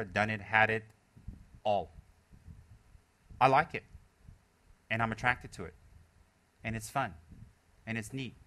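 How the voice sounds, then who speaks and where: A man giving a Buddhist dharma talk in a casual, chatty way. He tells animated personal stories and is quick to laugh at himself. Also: lowish voice. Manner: casual and self-deprecating, with restarts. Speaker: Buddhist teacher.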